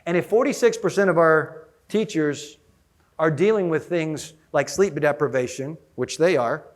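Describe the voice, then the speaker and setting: A man giving an energetic conference keynote, often asking the audience questions. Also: fairly high pitch, moderate pace. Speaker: conference speaker.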